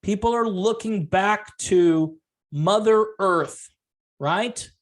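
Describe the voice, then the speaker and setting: A man's voice: high-pitched, slow. A man delivering a sarcastic opinion rant as a music commentary vlogger, full of rhetorical questions.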